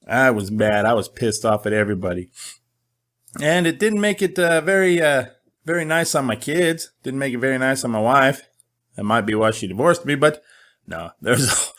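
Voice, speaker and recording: A middle-aged man hosting a casual monologue, telling his own story in a candid, joking, animated way. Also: medium pitch. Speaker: host.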